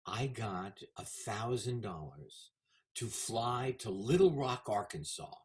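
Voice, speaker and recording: A man in his seventies, a guest in a casual interview, telling animated stories about his career. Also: on the low side, slow. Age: 70s. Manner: animated anecdotal storyteller.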